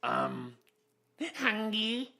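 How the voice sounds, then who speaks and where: A man hosting an improvised comedy chat, talking in a deadpan, rambling way. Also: high voice, drawn-out words, gravelly. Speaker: host.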